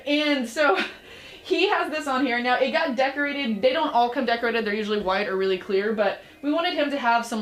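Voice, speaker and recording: Chatty young mom, slightly high voice. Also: female voice, fairly bright tone. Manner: chatty, rambling, lots of fillers. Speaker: mom vlogger. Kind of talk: casual vlog chat. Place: bedroom, lying in bed.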